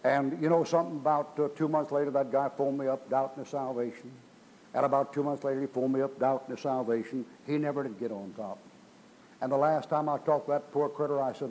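A pastor preaching a revival sermon in a folksy, colloquial storytelling manner, in a church. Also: male voice, medium pitch, fairly even intonation, a little fast, a little mellow, rough recording. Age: older. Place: church sanctuary.

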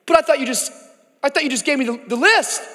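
A man's voice: very high-pitched, quick pace, sharp tone, voice pushed up. A man voicing a wealthy, eager young man who asks anxious, pleading questions, recorded with church hall reverb. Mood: anxious questioning.

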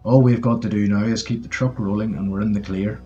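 A man's voice: lowish voice, fairly even intonation, a little fast, dark tone, muffled recording, faint music behind, close to an everyday voice. A man voicing a cocky, joking young British soldier as he reads the story aloud. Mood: jaunty. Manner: breezy and joking.

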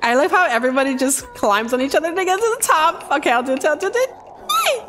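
A woman hosting a live gaming stream, bubbly, greeting and thanking her chat nonstop with excited gasps. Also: sits high, racing, soft background music. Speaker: live-stream gamer host.

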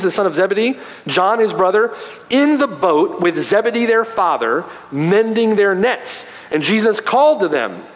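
A man preaching in a church sanctuary, his voice high and animated as it climbs and falls. He swings from ringing emphasis to low, quiet lines, slowing down to press repeated phrases home. A long reverb trails every word. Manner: emphatic, dramatic swings from loud to hushed, slow stressed repetition. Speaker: pastor. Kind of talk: expository sermon.

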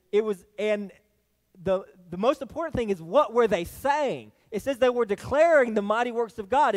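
Southern pastor preaching, high voice. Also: male voice, in a large hall. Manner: folksy, many restarts and tag questions. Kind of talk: sermon. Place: church sanctuary.

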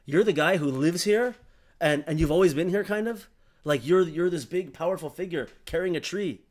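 A man's voice: mid-range voice, fast, a little mellow, lightly acted. A man voicing a huge, powerful male giant who questions a stranger in disbelief, in a Torah study session. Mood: insistent. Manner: incredulous questioning.

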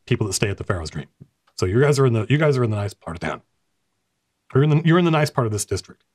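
A middle-aged man narrating a tabletop game as game master, talking in a casual, rambling way with many restarts. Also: mid-range voice.

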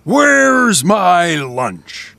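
A storybook reader voicing a big, hungry male giant who roars slowly for his lunch. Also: medium pitch, very animated, gravelly, pushed and bright, no echo, voice pushed up, heavily acted. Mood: hungry, demanding. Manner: slow, drawn-out roaring.

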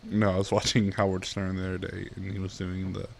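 Giggly young man with a gravelly voice. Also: low voice, monotone, brisk, few pauses. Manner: giggly, self-mocking, swears often. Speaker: gaming YouTuber. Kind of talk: casual gameplay commentary.

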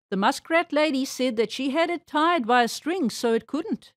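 Brief: woman storyteller, high and very lively read-aloud voice, close and dry. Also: moderate pace, hardly any pauses, no echo. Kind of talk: children's read-aloud narration.

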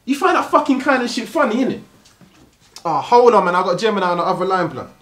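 An actor with a London accent playing a hot-headed young gangster who swears and pushes hard. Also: male voice, high-pitched, very animated, fast talker, fairly bright tone. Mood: angry. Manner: aggressive, swearing, pushy. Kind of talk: gritty film acting.

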